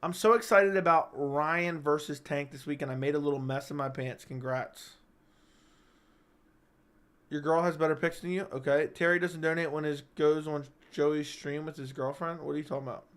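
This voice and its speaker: A man's voice: on the high side, fairly even intonation, normal speed, a bit bright, smooth. Joking young man hosting a live chat. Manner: rambling, joking, reads viewer comments aloud. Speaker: host of a live chat stream. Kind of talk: casual live-stream chat.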